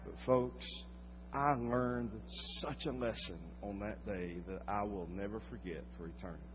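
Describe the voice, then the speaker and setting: Older male preacher, rises loud then drops to a hush, recorded in a big reverberant church with faint hum. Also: fairly low pitch, moderate pace. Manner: dramatic storytelling, swinging from loud to hushed. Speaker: pastor. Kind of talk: sermon. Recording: reverberant hall, slightly dull sound.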